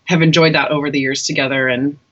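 Singer woman, casual interview, bright and giggly, muffled audio. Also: sits low, fairly even intonation, fast.

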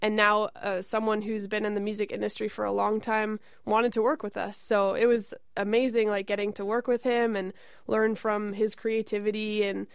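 A woman's voice: mid-range voice, flat delivery, moderate pace, clean tone, no echo. A woman from Canada, a singer-songwriter, talking in a friendly, casual studio interview. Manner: friendly, with frequent fillers and laughs. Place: radio studio.

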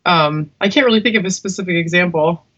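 A woman singer chatting casually in an interview, giggly and warm-hearted, in dull, muffled audio. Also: fairly low pitch, fast, a crowd in the background.

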